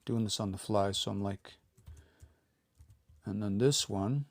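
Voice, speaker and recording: A man with a lowish, gravelly voice talks through a casual live-streamed language lesson. He explains step by step, repeats words slowly for practice and keeps his phrasing relaxed and informal. The sound is close and dry. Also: dry recording. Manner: relaxed, informal, says y'all and eh. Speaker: language teacher.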